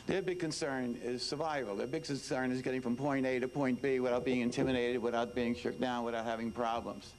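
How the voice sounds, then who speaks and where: A man's voice: medium pitch, fairly even intonation, fairly quick, few pauses, poor audio. A man, a former detective giving an informal talk to students, emphatic and repetitive, with many "you know"s. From New York. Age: 70s.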